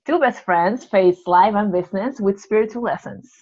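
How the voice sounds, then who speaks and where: A woman co-hosting a casual podcast, bubbly and quick to laugh. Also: medium pitch, a little mellow. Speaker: podcast co-host. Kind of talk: casual chat. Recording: lo-fi, dull sound.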